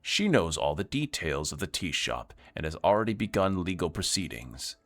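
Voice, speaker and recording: A man doing a smug, scheming lord from a narrative video game, clipped and condescending, his voice pushed above the reader's own low register. Each line lands haughty, with big swings in pitch. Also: big pitch swings, normal speed.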